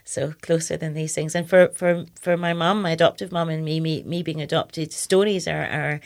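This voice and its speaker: A woman's voice: low-pitched, steady tone, normal speed, gravelly. Reflective woman reading her poetry. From Scotland. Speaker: writer and poet. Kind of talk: radio interview with poetry reading.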